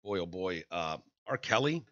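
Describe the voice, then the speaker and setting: A man's voice: low-pitched, animated, moderate pace, a bit bright, no echo, lo-fi sound. A man with a Michigan accent co-hosting a podcast in casual banter, joking and acting out quotes. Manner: chatty, joking, acts out quotes. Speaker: podcast co-host.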